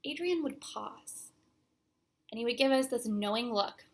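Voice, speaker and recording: A young adult woman pastor giving a sermon, speaking slowly and deliberately and letting her phrases fade to a near-whisper. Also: on the high side, animated, a little mellow. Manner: slow, deliberate delivery that trails off to a near-whisper at phrase ends.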